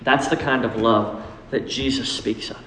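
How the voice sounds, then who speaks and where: A man's voice: mid-range voice, steady tone, measured pace, a bit bright, a little hiss or hum. A male pastor preaching a sermon, emphatic and rising into acted pleas. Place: church sanctuary. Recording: echoey hall with long reverb.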